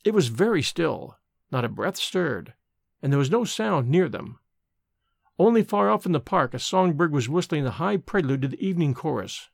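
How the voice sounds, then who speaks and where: Casting: male storybook narrator, gravelly tone, lively pitch, dry close sound. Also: no room sound. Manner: expressive, measured storytelling. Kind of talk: scripted narration of a gothic story.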